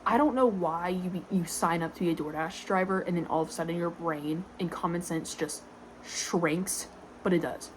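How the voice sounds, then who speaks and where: A young woman ranting casually to camera, exasperated and swearing, filling every pause with "like" and frequent sighs. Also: fairly low pitch, slight background noise, low-quality recording. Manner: exasperated, swearing, constant "like" fillers, sighing. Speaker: vlogger.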